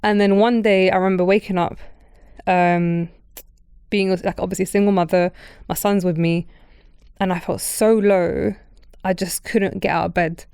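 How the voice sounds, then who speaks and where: A British woman hosting a podcast tells her own story candidly in a casual chat, acting out the people involved with animated quoted voices. Her voice is on the low side and smooth at normal speed, in a dry, studio-quality recording.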